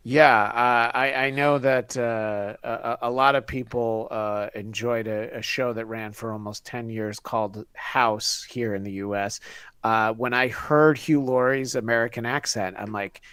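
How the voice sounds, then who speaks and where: A man's voice: mid-range voice, steady tone, unhurried, fairly bright tone, clear, resonant tone, dry recording. A man hosting a podcast in casual chat, joking and rambling with sarcastic asides. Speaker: podcast host.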